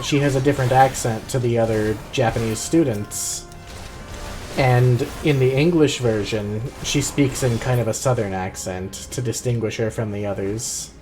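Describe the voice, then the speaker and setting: A man livestreaming a video game, chatting casually and rambling with frequent um fillers. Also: mid-range voice. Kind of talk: casual gameplay commentary.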